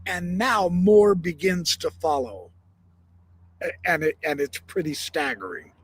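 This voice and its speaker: A man's voice: fairly high pitch, measured pace, husky. A man hosting a show, giving thoughtful commentary and weighing his own opinion aloud. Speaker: host. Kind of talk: reflective commentary on a played clip.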